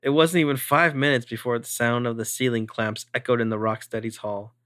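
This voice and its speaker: Bright-voiced podcast co-host man narrating. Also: medium pitch, steady tone, fairly quick, dry recording, clean studio sound. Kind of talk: reading scene narration aloud.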